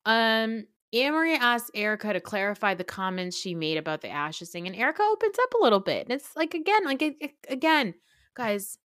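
Sarcastic woman podcast host with lively pitch. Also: a little fast, no echo, clean studio sound. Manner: sarcastic, profane, laughing asides. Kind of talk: casual TV recap chat.

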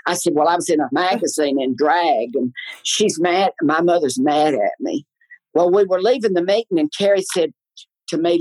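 A man, a guest on a talk show, telling stories in an animated, theatrical way. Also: normal speed, no room sound, poor audio. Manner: lively, theatrical, swoops up high in his laughs. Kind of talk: animated storytelling in a chat show.

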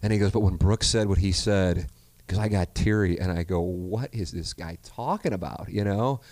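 A man's voice: deep voice, moderate pace, darkish tone. A man hosting a casual chat, telling stories animatedly and laughing often. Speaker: podcast host.

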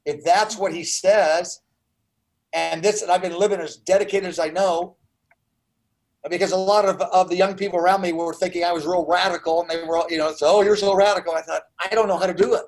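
A man's voice: high voice, steady tone, fairly quick, poor audio. A man in his sixties telling a personal story as an interview guest, earnest and full of restarts. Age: 60s.

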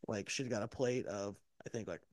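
A man's voice: fairly low pitch, normal speed, darkish tone, no echo. A man co-hosting a podcast, telling stories in a loose, rambling way. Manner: rambling, many fillers and restarts. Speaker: podcast co-host. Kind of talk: casual chat.

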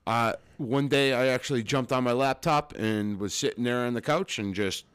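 A man's voice: mid-range voice, normal speed, a bit bright, clear, resonant tone. A man co-hosting a podcast in casual, joking banter with lots of laughter and some swearing. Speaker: podcast co-host. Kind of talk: casual chat. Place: home studio.

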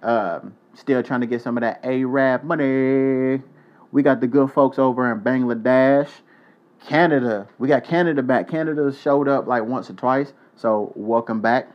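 Young male podcast host, loose and profane delivery, medium pitch, muffled home recording. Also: normal speed. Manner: loose, joking, profane shout-outs. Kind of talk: casual solo podcast.

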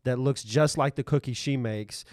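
A man's voice: medium pitch, moderate pace, darkish tone, no echo, clean studio sound. A man co-hosting a casual podcast, talking in a laid-back, rambling way and chuckling along. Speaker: podcast co-host. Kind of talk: casual chat.

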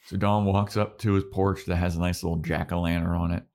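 A young man co-hosting a podcast, casually recapping a TV episode with animated retellings and frequent laughter. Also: sits low, a little fast. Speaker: podcast co-host.

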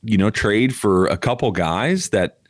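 A man's voice: fairly low pitch, lively intonation, a little slow, no room sound. A man co-hosting a casual sports podcast, talking loosely with lots of filler words. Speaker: podcast co-host.

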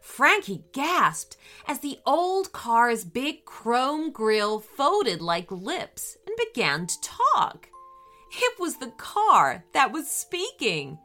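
A woman narrating a children's bedtime story with an animated, expressive delivery. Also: sits high, takes it slowly, faint music behind.

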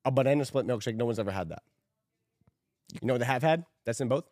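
A man co-hosting a casual podcast chat, teasing and quick to laugh. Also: mid-range voice, a little mellow, dry recording, clean studio sound. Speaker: podcast co-host.

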